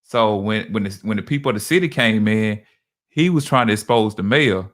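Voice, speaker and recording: A man's voice: fairly low pitch, moderate pace, fairly bright tone. A man in casual podcast chat, telling stories loosely with many restarts. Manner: loose, repetitive storytelling with frequent restarts. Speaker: podcast co-host.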